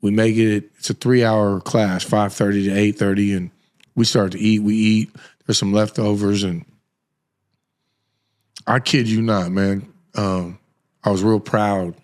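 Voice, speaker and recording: A man's voice: on the low side, a little slow. A man, hosting a podcast and telling stories in a casual, rambling way with lots of restarts. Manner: rambling, animated storytelling with many restarts. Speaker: podcast host. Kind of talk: casual conversation.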